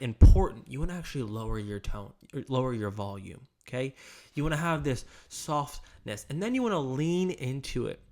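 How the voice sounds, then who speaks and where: A man hosting his channel, coaching salespeople in a direct, emphatic, motivational way. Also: mid-range voice. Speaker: sales trainer and channel host. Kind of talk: coaching monologue to camera.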